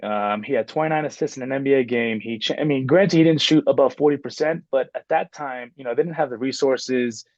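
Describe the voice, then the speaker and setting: A man's voice: medium pitch, brisk, few pauses, dry recording, muffled recording. A man in his twenties, a basketball coach, chatting casually as a podcast guest and rambling with many fillers and restarts. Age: 20s. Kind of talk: casual interview chat.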